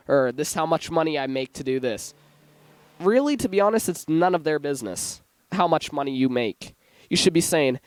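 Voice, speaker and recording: A man's voice: on the high side, a little fast, no room sound. A young man giving an informal Bible teaching in a church, chatty and given to asides and self-corrections. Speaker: lay preacher. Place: church sanctuary.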